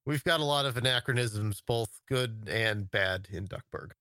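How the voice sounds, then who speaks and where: Bright-voiced man chatting on a call. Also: fairly low pitch, normal speed, no room sound. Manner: hesitant, full of fillers and restarts. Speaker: podcast guest. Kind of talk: casual chat. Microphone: video call.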